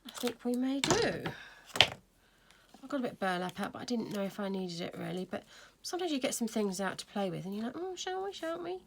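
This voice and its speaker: A woman's voice: mid-range voice, animated, brisk, creaky, noisy background. A woman hosting a casual crafting tutorial, chatting and thinking aloud as she works. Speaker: craft video host.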